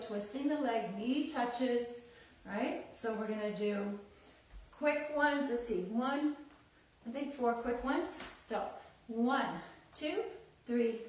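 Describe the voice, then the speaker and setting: A woman's voice: a little high, a little mellow. Woman belly dance teacher counting in an echoey room. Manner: counts beats aloud in a sing-song rhythm; chatty, encouraging explanations. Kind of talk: live online dance class instruction. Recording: very echoey room, voice far from the mic.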